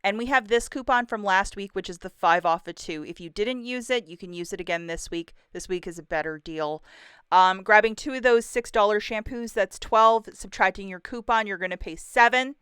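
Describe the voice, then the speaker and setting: A woman's voice: mid-range voice, moderate pace, fairly bright tone, smooth, no room sound, studio quality. A woman hosting her own couponing channel, walking through the week's store deals in a bubbly, chatty, upbeat way. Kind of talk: deal rundown vlog.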